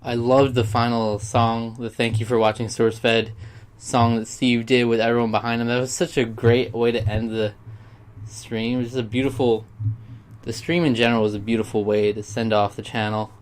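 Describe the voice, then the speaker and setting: A man's voice: mid-range voice, level tone, normal speed. A young man talking in a casual, rambling vlog monologue, often sidetracking himself and speaking with heartfelt sincerity. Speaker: YouTuber.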